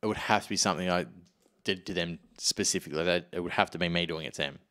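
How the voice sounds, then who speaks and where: A low-pitched man in his thirties hosts a relaxed podcast chat from a studio. He laughs often, swears without a second thought, and keeps breaking into rowdy impressions. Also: fast. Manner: laughs a lot, swears freely, jumps into loud impressions. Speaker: podcast host. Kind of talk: casual comedy podcast chat.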